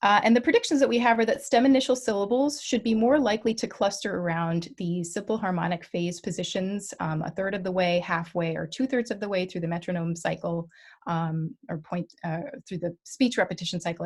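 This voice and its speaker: Female lecturer, lowish voice, measured academic delivery full of ums, presenting slides over a video call. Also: darkish tone. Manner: careful, many ums and self-corrections. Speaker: guest lecturer. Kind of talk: academic conference talk.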